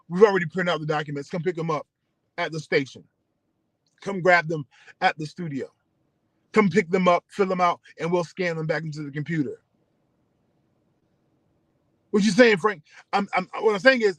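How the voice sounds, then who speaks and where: Radio host, male, higher voice, earnest repeated rallying lines, dry close sound. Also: fairly quick, fairly bright tone, dry recording, poor audio. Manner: earnest, preacher-like repetition. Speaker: internet radio station host. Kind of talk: passionate community address.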